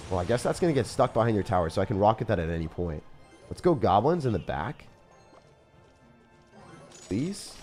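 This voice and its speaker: A low-pitched man giving live gameplay commentary, his voice swinging widely between mutters and excited yelps. He chats with his viewers as he plays, quick to react. Faint music plays underneath. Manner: animated, excitable, talks to chat. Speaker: gaming streamer.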